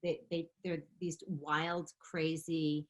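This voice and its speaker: A middle-aged woman telling stories in a casual interview, animated and quick to laugh. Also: low voice. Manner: animated, laughing, chatty storytelling. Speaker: interview guest, makeup artist and beauty founder.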